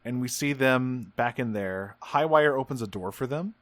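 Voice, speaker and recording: A man's voice: medium pitch, normal speed, dry recording. A man co-hosting a podcast, recapping a cartoon in casual, rambling chat with frequent swearing. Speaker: podcast co-host.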